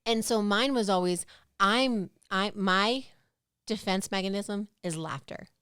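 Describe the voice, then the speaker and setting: A woman's voice: mid-range voice, a little slow, fairly bright tone, clean tone, no room sound, studio quality. A woman co-hosting a podcast, chatting frankly and swearing freely in a casual talk. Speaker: podcast co-host. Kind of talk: candid casual chat.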